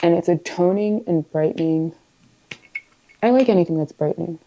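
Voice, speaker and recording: A woman's voice: lowish voice, dark tone. A woman in her late twenties, born in Zimbabwe and raised in the US, chatting casually through her skincare routine with playful, joking asides. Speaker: beauty vlogger. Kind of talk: casual get-ready-with-me chat.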